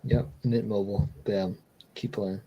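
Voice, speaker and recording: A man's voice: fairly low pitch, steady tone, a little slow, slightly rough, highs cut off. A man streaming casually, telling a long story with lots of fillers and restarts. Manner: rambling storyteller with many fillers. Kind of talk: casual live-stream chat.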